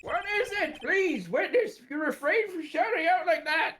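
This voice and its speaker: A man's voice: animated, normal speed, bright, forceful tone, a little hiss or hum, full character voice. A man voicing a fussy, polite male judge with a formal, prim manner. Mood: scolding. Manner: formal, prim, raised pitch.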